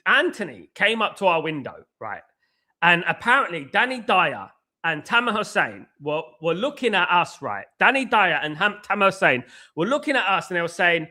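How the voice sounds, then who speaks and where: A man's voice: high voice, very animated, a little fast, bright, forceful tone. A man hosting a live football watchalong from indoors at home, chatting in a loose, rambling way and often repeating "guys, absolutely". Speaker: livestream host.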